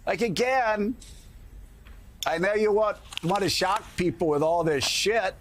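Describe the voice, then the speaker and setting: A man's voice: high voice, a little slow, slight background noise. A middle-aged man hosting a morning talk show, delivering indignant, emphatic opinion commentary.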